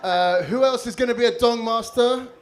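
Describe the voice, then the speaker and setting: An extremely high-pitched male voice at normal speed comes from a man hosting a live comedy show. Gripping a handheld stage mic at a comedy venue with a crowd, he teases audience members with crude, cheeky banter in classic stand-up crowd work.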